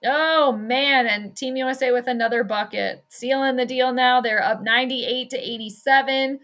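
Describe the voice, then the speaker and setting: A woman's voice: on the high side, steady tone, normal speed, few pauses, a bit bright. A young woman doing casual live play-by-play, chatting and reacting aloud to the games she watches. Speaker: sports streamer doing her own play-by-play.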